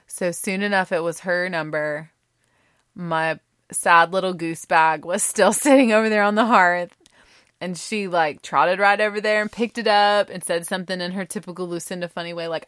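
A woman telling a personal story in a casual, animated way, dropping into hushed asides. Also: on the low side, a little fast, dry recording, clean studio sound. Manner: animated, dramatic, slips into voices and hushed whispers.

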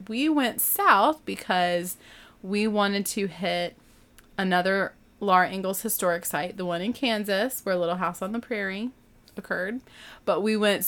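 A middle-aged woman casually telling a family road-trip story, acting out everyone's lines with lively, rising panic. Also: medium pitch. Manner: animated, acts out family dialogue with rising panic.

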